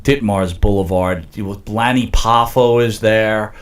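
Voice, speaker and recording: A man hosting a casual interview, cutting in with quick questions and jokes. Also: on the low side. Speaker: host.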